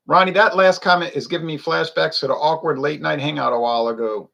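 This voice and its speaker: A man on his beer review channel rants with heat and sarcasm, his voice a touch higher than most men's. A gravelly fry runs under his words. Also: brisk, pushed and bright. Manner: ranting, heated and sarcastic. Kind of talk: casual on-camera rant.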